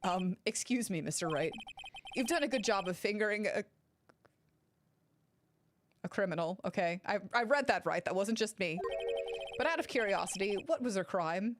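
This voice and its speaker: A woman's voice: medium pitch, expressive, moderate pace, long pauses, lightly acted. A woman reading the lines of a hesitant, bumbling old male judge from a video game, over game music. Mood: confused. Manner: hesitant, stumbling over his words.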